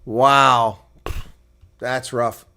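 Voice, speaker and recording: A man calls a rugby match live for his viewers, and his voice climbs to a shout when a runner breaks through. Between plays he drops into relaxed, chatty reaction and answers comments from his chat. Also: mid-range voice, very slow.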